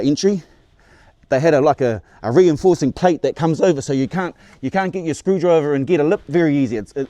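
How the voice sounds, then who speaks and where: A New man in his forties rambles through his own story for his viewers. He restarts and repeats words as he goes and swears without a second thought. His voice sits a touch high for a man, with a mellow, warm tone and a dry, close sound. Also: no room sound. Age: 40s. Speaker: vlogger. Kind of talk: casual storytelling to camera.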